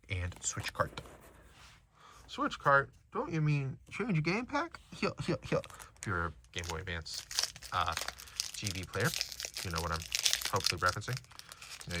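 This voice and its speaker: Background noise accompanies a man's lowish voice as he tears into trading card packs at home. He's animated and casual, calling out each card's name and stats.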